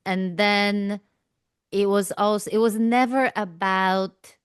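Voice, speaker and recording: Smooth-voiced woman host, tentative. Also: mid-range voice, fairly even intonation, takes it slowly, no echo. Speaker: podcast host. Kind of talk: reflective spiritual conversation.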